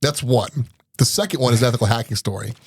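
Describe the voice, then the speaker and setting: A middle-aged man races through his stories in a quick, eager patter, laughing as he goes. His voice sits at an ordinary pitch and sounds close and dry, with no room around it. He talks like a podcast guest recounting his work over casual chat. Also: slightly rough, no echo. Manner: rapid, animated anecdotes broken up by laughter. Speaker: podcast guest, IT business owner. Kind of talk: casual storytelling in an interview.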